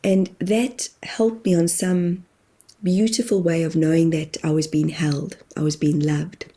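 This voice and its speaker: A woman's voice: on the low side, flat delivery, a little slow, mellow, husky. A woman guest, a spiritual medium and therapist, sharing personal stories in an open, heartfelt way and tearing up as she talks. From immigrated to New Zealand. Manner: tearful, open and heartfelt, laughs through tears. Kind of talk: emotional personal storytelling.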